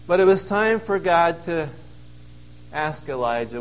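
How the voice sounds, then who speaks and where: A man's voice: a little high, expressive, unhurried, a little hiss or hum, poor audio. A man preaching a sermon in an earnest, conversational way, recorded out in a wilderness cave. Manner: earnest, conversational preaching with emphatic quoted lines. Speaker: pastor.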